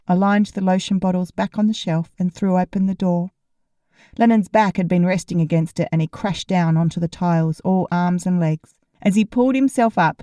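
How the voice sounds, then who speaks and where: A woman narrating a novel in first person, with a wry, deadpan delivery. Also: fairly low pitch, dry recording, studio quality. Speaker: audiobook narrator.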